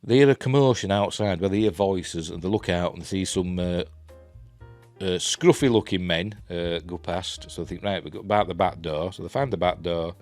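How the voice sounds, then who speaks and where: A man's voice: low voice, moderate pace, darkish tone. A man with a Yorkshire accent giving a casual, rambling TV episode review, full of fillers, chuckles and self-deprecating asides. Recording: faint music in the background.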